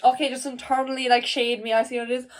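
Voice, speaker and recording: A woman's voice: high voice, level tone, quick pace. A teenage girl from Ireland, rambling to camera at home in a casual vlog, full of "like" and swearing. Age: teens. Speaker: vlogger. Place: at home, indoors. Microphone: camera facing her.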